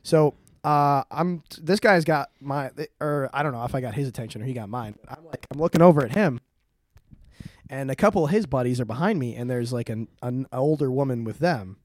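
A young man in casual podcast chat, telling a rambling, animated story and swearing often. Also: medium pitch, fairly quick. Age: young adult. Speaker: podcast co-host.

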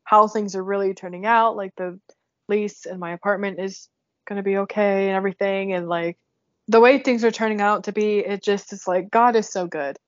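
A woman's voice: mid-range voice, steady tone, moderate pace, no echo. Young woman, casual podcast chat, laughs a lot, emotional, muffled lo-fi audio. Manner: chatty, laughs often, emotional. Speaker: podcast host. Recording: dull lo-fi sound.

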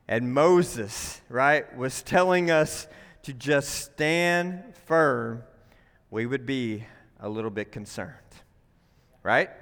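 A man's voice: fairly high pitch, bright, forceful tone. A man preaching a sermon to his church, emphatic, often asking "right?" to the room. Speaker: pastor. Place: church sanctuary. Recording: long hall reverb.

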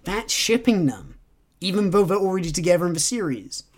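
A man's voice: high-pitched, very animated, fairly quick. A man co-hosting a podcast in casual book chat, teasing his co-host playfully and laughing often.

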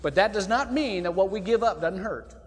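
A man from Indiana preaching a sermon as pastor, folksy and animated, with sudden loud outbursts. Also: high-pitched, a little fast. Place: church sanctuary. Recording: long church reverb.

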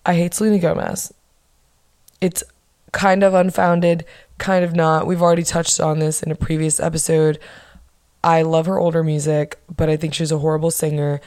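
A young woman hosting her own podcast, chatting casually and bluntly with lots of swearing and animated bursts of emphasis. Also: sits low, moderate pace. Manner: blunt, profane, gossipy. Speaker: podcast host. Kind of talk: casual solo podcast chat.

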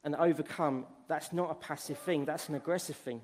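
A man's voice: fairly high pitch, steady tone, brisk, long reverb tail, a little hiss or hum. A man preaching a sermon, earnest and storytelling, often restarting his phrases. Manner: earnest, restarts phrases while retelling stories.

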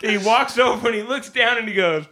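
A man co-hosting a podcast, telling a story in a lively, animated way with bursts of laughter. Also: very high voice, fairly quick, background noise. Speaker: podcast co-host. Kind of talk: casual chat.

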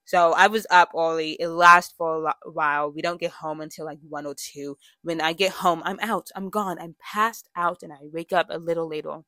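A young woman talks through a casual personal monologue, candid and rambling, catching herself mid-sentence and starting over. Her voice sits a little low. It is recorded close and dry, with no room sound. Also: fairly even intonation, moderate pace, hardly any pauses, pushed and bright, dry recording. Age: young adult. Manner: chatty and candid, with frequent fillers and self-corrections. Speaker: podcast host.

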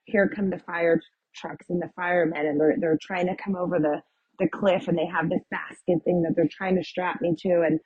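A woman's voice: fairly low pitch, level tone, moderate pace, husky, no room sound, phone-quality sound. A woman guest telling her personal testimony in a vivid retelling full of "like" and "um". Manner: vivid retelling, with many "like" and "um" fillers.

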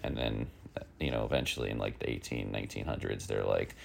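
A man with an extremely deep voice full of gravelly fry hosts his own little comic news show. He rambles along with plenty of fillers and drifts into irritable, exasperated rants. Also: fast. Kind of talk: casual rambling comic monologue.

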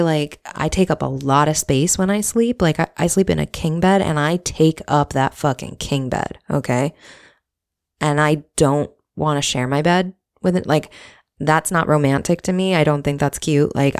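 A woman's voice: sits low, darkish tone. A woman candidly telling a personal story in a reflective, casual monologue, swearing now and then.

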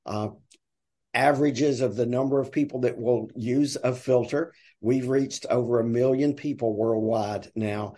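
A man with a Southern American accent from Alabama, a ministry director giving earnest, measured interview answers. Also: medium pitch, fairly even intonation, mellow. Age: older. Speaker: guest, ministry sales director.

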